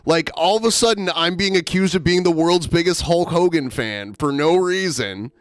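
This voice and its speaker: A man's voice: fairly high pitch, normal speed, dry recording, clean studio sound. A man co-hosting a podcast in casual banter, defensive and exasperated, swearing often. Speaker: co-host.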